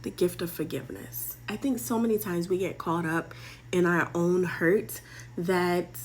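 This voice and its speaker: A woman's voice: lowish voice, fairly even intonation, measured pace, a little hiss or hum. A young woman hosting a show, casually retelling a Bible story in playful, slangy language with lessons at the end. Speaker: host.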